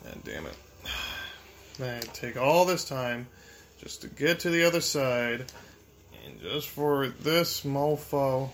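A man's voice: mid-range voice, lively intonation, slow, pauses often, slight background noise. A young man commentating his gameplay, frustrated, swearing and talking back at the game. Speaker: gamer.

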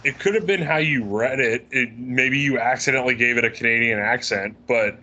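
A man co-hosting a wrestling podcast, answering trivia in casual chat, thinking aloud and clearing his throat. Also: mid-range voice, brisk, sharp tone, highs cut off.

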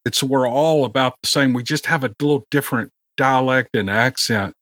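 A man with a Memphis Southern accent talks in a rambling, easygoing way as a podcast guest. His voice sits at a middle pitch. It is recorded dry on his own home microphone. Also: normal speed, fairly bright tone, no room sound. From Memphis, Tennessee. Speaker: guest, audiobook narrator. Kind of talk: casual podcast chat.

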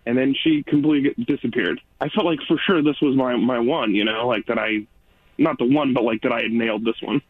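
A man's voice: medium pitch, fairly quick, slightly rough, dry recording. A young man calling in to a radio show, rambling and hesitant, full of fillers. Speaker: caller on a radio dating segment. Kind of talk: casual phone chat. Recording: tinny phone line.

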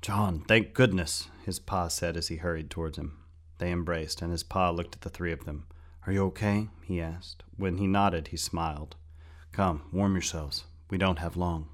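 A man's voice: low-pitched, fairly even intonation, normal speed, natural voice. A man voicing a grave caring father. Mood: relieved.

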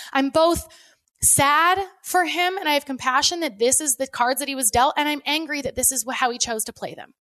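A woman's voice: high voice, a bit bright. A woman in her thirties who works as a coach, talking candidly about forgiveness in a casual, conversational way with occasional swearing. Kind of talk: personal reflective talk.

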